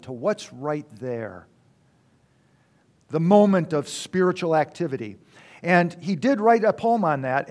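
A man speaking to an audience, telling a personal story in a reflective way with halting restarts. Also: on the high side, a little mellow.

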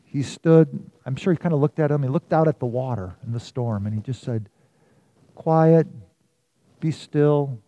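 A man preaching a sermon, telling a story and swinging from loud emphasis to hushed, quiet lines. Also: mid-range voice, a little fast, dry recording. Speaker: pastor.

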